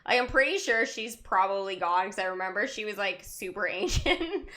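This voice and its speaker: Bright, giggly young woman host chatting with her live viewers, rambling and easily amused. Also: mid-range voice, lively intonation, normal speed. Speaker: livestream host. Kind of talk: casual chat with live chat viewers.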